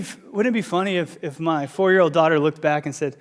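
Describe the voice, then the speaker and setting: A man in his thirties preaching a sermon as pastor, telling animated, conversational stories. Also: a little high, brisk, few pauses.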